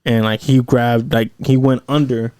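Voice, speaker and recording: A man's voice: medium pitch, fairly even intonation, a little slow, a little mellow, clear, resonant tone, no room sound, clean studio sound. Profane man telling rambling stories. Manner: rambling, profane, acts out quotes. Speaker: podcast host. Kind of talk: casual storytelling chat.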